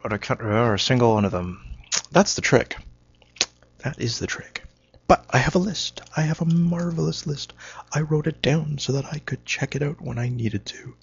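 A man's voice: mid-range voice, creaky, husky, dry recording. A man giving a rambling, self-mocking solo monologue, wry and punchy, on a dull lo-fi recording.

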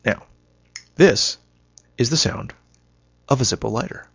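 A man's voice: mid-range voice, lively intonation, a little slow, vocal fry, noisy background. A man giving a rambling, self-mocking solo monologue, wry and punchy, on a dull lo-fi recording.

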